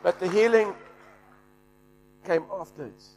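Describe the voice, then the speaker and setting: A middle-aged man preaching, animated, shouting and laughing as he tells a story. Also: high-pitched, slow pace. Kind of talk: sermon storytelling.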